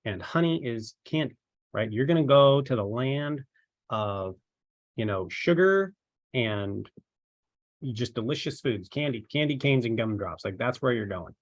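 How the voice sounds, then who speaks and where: A man's voice: mid-range voice, lively intonation, unhurried, dry recording, muffled recording. A man as a trainer, giving an informal, rambling talk to his team and tossing in rhetorical questions. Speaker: ministry marketing trainer.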